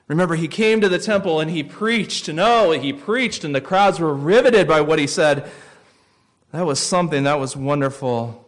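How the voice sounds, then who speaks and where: A preacher acting out a grieving disciple, wistful and hushed. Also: male voice, medium pitch, a little slow, long pauses. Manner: swings from excited remembering to hushed whisper.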